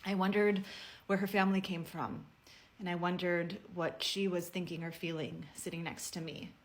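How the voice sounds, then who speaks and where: Woman, lowish voice, earnest and measured, heartfelt personal message to camera. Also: fairly even intonation. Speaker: personal video speaker.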